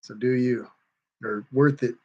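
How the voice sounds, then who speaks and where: A man's voice: medium pitch, steady tone, measured pace, a little mellow, breathy edge, lo-fi sound. Laid-back man reading live chat. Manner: laid-back, reads viewer comments aloud and chuckles between them. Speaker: livestream host reading chat. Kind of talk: casual chat.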